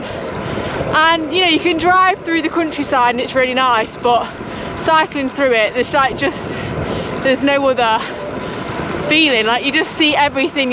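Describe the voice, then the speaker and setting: Young girl vlogging on her bike, high voice, puffing a bit, loud road noise behind. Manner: chatty and upbeat, with loud whoops. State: out of breath while pedalling. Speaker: cycling vlogger. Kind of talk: casual vlog chat while riding. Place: outdoors on country roads, riding a bike. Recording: outdoor ride with road and wind noise.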